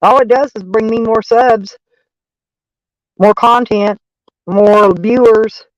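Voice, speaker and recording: A woman's voice: a little high, fairly even intonation, takes it slowly, no room sound, low-quality recording. A woman with a Texan accent chatting casually on a live stream, rambling and swearing freely as she thanks viewers. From Texas. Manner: rambling, profane, folksy.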